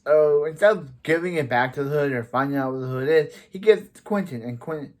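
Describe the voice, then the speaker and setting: A man's voice: a little high, brisk. A man giving a casual recap of a TV episode, rambling, with many restarts and repeated "so". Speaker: TV episode reviewer.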